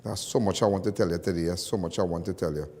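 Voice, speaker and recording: A man's voice: low voice, steady tone, quick pace, darkish tone, in a large hall. A man with a Trinidadian accent hosting a live call-in crime talk show, rambling and folksy and repeating himself as he talks. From Trinidad and Tobago.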